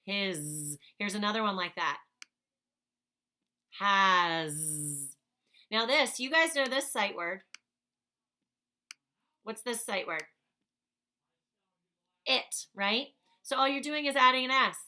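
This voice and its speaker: A woman teaching a phonics lesson to young children. She talks slowly and patiently, sounding out each word, and her voice is bright. She speaks in a clear, even teaching tone. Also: medium pitch. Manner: slow, patient, sounds out words.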